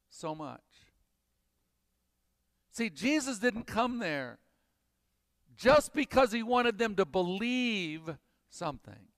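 A man preaching a sermon, emphatic and dropping to hushed intensity, in a church. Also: high voice, no echo, clean studio sound, big-room sound. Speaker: pastor.

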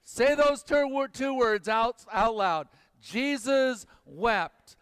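Male pastor, high clear voice, emphatic preaching that sinks to a hush; church with long reverb. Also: takes it slowly, clean studio sound. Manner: emphatic, dropping to hushed intensity. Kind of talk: sermon.

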